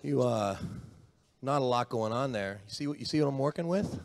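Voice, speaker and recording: A man's voice: mid-range voice, lively intonation, fairly quick, big-room sound. A man from Canada, an arm wrestler, boasting and teasing his opponent at a press conference. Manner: cocky, playful, boastful taunting. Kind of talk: press conference trash talk.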